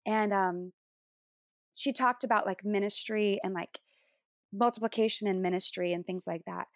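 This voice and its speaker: A woman's voice: mid-range voice, steady tone, normal speed, no echo, studio quality. A woman in her thirties, a worship leader, telling a personal testimony in an interview, earnestly acting out remembered dialogue.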